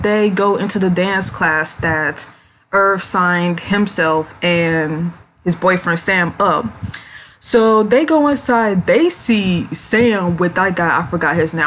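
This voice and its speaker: A woman's voice: fairly low pitch, fairly bright tone, slight background noise. A woman reviewing episodes of a series in a casual, chatty way, giggling often and acting out the characters' lines. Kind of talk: casual recap vlog.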